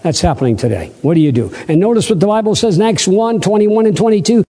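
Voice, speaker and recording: A man's voice: expressive, fast talker, mellow. Dramatic male preacher in a reverberant hall. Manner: dramatic, acts out scripture voices with big pitch swings. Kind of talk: sermon.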